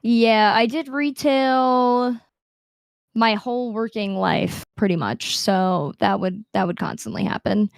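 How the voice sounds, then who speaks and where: A young woman appears as a guest streamer on a video call, chatting casually in an interview-style conversation, laughing and acting out the people in her stories. Her mid-range voice is captured at studio quality with no echo.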